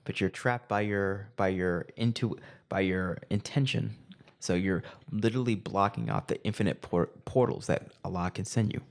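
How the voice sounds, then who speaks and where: A man's voice: on the low side, moderate pace, vocal fry. A man co-hosting a casual spiritual podcast chat, laid-back and playful. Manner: laid-back, playful, slips into excited put-on voices. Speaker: podcast co-host.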